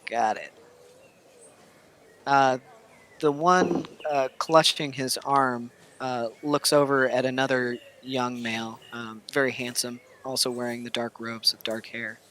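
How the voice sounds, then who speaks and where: A male game master narrating a tabletop role-playing session in a casual, halting way, filling gaps with ums and uhs. His voice is bright and forceful. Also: medium pitch, fairly even intonation, slight background noise. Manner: casual, many fillers and pauses.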